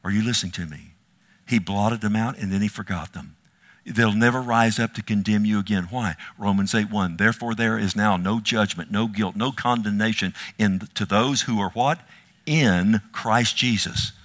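A man preaching a sermon to his congregation, emphatic, dropping to a hush and then rising loud, often asking the listeners questions. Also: fairly low pitch, moderate pace. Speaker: pastor.

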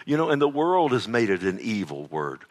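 A man's voice: on the low side, big pitch swings, moderate pace. An older man preaching a sermon as a pastor, emphatic, asking the listeners rhetorical questions and often restarting his sentences.

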